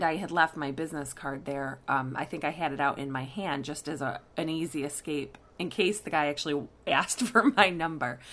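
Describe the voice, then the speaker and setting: A woman's voice: low-pitched, a bit bright. A woman, working as a coach, tells a candid personal story to her listeners, with fillers and restarts.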